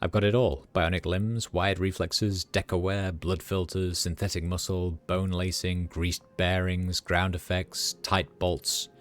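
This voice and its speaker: A man's voice: low-pitched, flat delivery, a little slow, hardly any pauses. A man doing a hungover Midwestern street doctor. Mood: easygoing. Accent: Midwestern American. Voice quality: loose, words piling together. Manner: jokey, laid-back, boastful. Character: hungover cheerful middle-aged male street doctor. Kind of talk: reading game dialogue aloud on a livestream.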